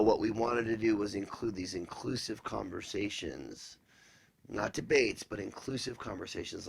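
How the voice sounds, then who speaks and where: A man with a fairly low voice co-hosts a podcast in loose, casual chat. He rambles, swears and fills his talk with "you know" and "like". A clear hum of background ambience sits under the recording. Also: a bit bright. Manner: rambling, swears, many fillers. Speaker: podcast co-host.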